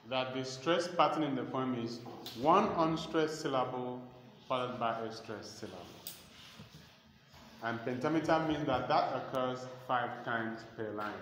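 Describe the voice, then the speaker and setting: Male lecturer, deliberate and repetitive, recorded in a reverberant hall. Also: mid-range voice, fairly bright tone, a little hiss or hum. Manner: slow, repeats key terms to dictate notes. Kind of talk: classroom lecture. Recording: echoey hall with faint ambience.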